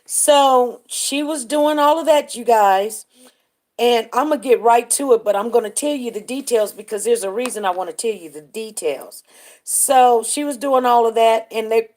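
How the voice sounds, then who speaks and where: A woman's voice: fairly high pitch, darkish tone. A woman hosting a live stream and telling a story in a casual, chatty way. She keeps breaking off to greet viewers by name.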